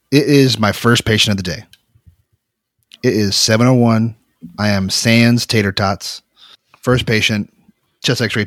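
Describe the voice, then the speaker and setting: A man co-hosting a casual podcast, telling work stories with lots of energy, acting out quotes and laughing loudly. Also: medium pitch, no room sound, clean studio sound. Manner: animated storyteller, laughs loudly, acts out quotes. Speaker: podcast co-host, X-ray tech.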